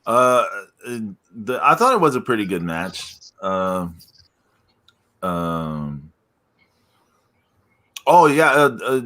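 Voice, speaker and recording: A man hosts a relaxed podcast in a slow, halting way, full of fillers and quick laughs. His voice is bright and his pitch moves a lot. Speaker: podcast host. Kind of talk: casual podcast chat.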